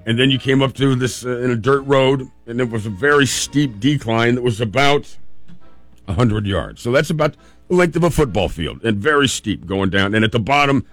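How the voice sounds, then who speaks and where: A man hosting a talk show, telling a family story in a casual, animated way and laughing often. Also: on the low side. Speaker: radio host telling a story.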